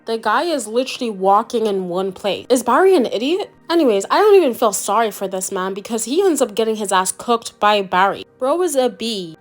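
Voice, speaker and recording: A woman's voice: fairly high pitch, big pitch swings, brisk, hardly any pauses. A young woman narrating a comedic movie recap in a crude, sarcastic, mocking way.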